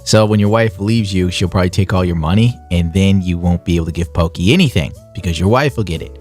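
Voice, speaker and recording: Sarcastic dude mocking clips, crude jokes, faint music under him. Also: male voice, low-pitched, quick pace, darkish tone. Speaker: YouTube commentator. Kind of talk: casual reaction commentary.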